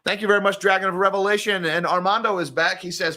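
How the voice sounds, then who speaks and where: A man's voice: sits high, steady tone, fast, bright, forceful tone. A man hosting a casual livestream, talking bluntly and sarcastically with a sore throat, reading and answering viewer comments. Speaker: host.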